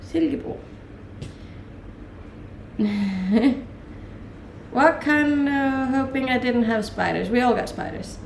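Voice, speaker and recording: This young Danish streamer speaks slowly in a high, creaky voice, pausing often as she fields viewer questions with an easygoing manner, frequent laughter, and many fillers. There is slight background noise, an echoey room, and a somewhat distant mic.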